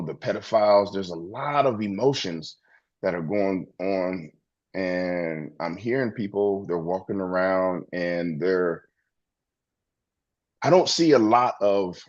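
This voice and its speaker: Male co-host, low voice, earnest rambler, lo-fi dull sound. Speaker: podcast co-host. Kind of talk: casual spiritual chat.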